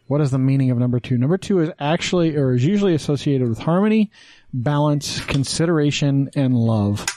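A man's voice: medium pitch, lively intonation, a little fast, mellow. A man with a Utah accent co-hosting a podcast, chatting casually, cracking jokes and swearing freely. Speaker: podcast co-host. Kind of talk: casual chat.

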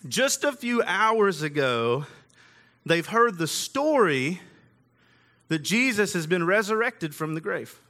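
A man's voice: sits high, big pitch swings, takes it slowly, sharp tone. A man preaching a sermon in a casual, conversational way, with everyday slang. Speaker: pastor.

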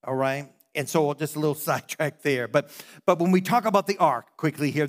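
A middle-aged man, a pastor, preaching a sermon in a conversational way, often stopping and restarting his sentences. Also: fairly high pitch.

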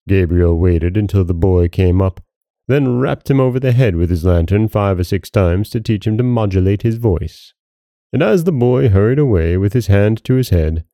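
A man with a low, mellow voice reads a classic tale in measured, dramatic narration. The recording is dry and close, with no room sound. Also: no room sound. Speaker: storyteller. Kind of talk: scripted story narration.

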